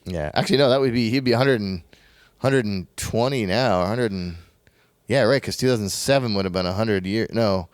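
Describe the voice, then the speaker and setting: A man's voice: fairly low pitch, brisk, clear, resonant tone, no echo. A man co-hosting a podcast, chatting casually in a rambling, self-deprecating way and laughing often. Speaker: podcast co-host.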